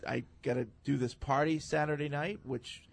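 Man, sports host, rambling casual chat, middle pitch, studio. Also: steady tone, moderate pace, vocal fry, no room sound. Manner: rambling, chatty, many fillers.

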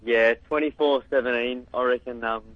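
A man's voice: mid-range voice, fairly even intonation, moderate pace, no echo, dull audio. A man with an Australian accent calling in to a radio show in an easygoing, joking way. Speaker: caller. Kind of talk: phoned-in radio chat.

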